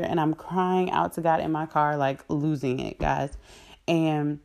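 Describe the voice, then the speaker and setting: A woman sharing a personal faith testimony with viewers in a casual, earnest way, full of "um" and "like" and quick laughs. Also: deep voice, creaky. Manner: earnest and animated, with frequent "um" and "like" and laughs mid-sentence.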